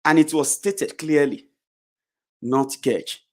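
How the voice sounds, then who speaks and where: A middle-aged Nigerian man with a Nigerian accent delivering a heated, confrontational political rant, swinging between shouts and low mutters. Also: slow. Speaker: political commentator.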